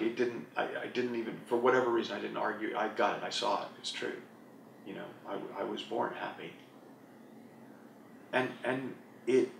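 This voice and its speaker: A man's voice: mid-range voice, gravelly, a little hiss or hum. A man, an author and group coach, answering an interview question in a candid, reflective, self-deprecating way. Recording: roomy echo, mic at a distance.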